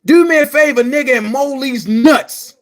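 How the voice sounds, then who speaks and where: Furious high-voiced man ranting. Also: normal speed. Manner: heated, profane, shouting at times. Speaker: commentary vlogger. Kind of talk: angry rant to camera.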